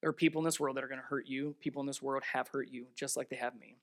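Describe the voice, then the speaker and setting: A pastor with children of their own preaching a sermon, emphatic and full of rhetorical questions, swinging between raised, stressed lines and quiet, earnest ones. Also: mid-range voice, fairly even intonation, rapid-fire. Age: adult with children.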